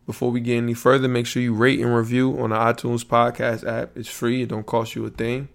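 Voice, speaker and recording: A man hosting his own podcast alone, rambling in a relaxed, slangy way and thinking out loud. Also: medium pitch, a little fast, creaky. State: yawning, a bit sleepy. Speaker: podcast host. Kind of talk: casual solo podcast monologue.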